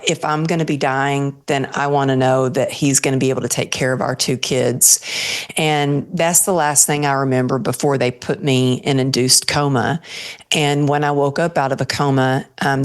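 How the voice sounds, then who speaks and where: A woman guest on an interview show, earnestly telling a personal story and acting out her own thoughts as she goes. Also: very deep voice.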